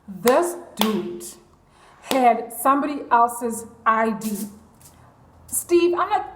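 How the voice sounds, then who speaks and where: A woman with a high voice tells a story to her vlog audience in a chatty, confiding way. She fills it with ums and "I'm like". The room has a noticeable echo. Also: lively intonation, takes it slowly, pauses often, a little hiss or hum. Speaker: vlogger.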